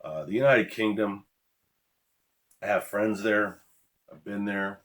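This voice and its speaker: A deep, low-pitched man in his fifties delivers a blunt, profanity-laced warning straight to his viewers. He speaks like a former officer lecturing from hard experience. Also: takes it slowly, a bit bright. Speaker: former law enforcement officer, channel host. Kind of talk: ranting monologue to camera.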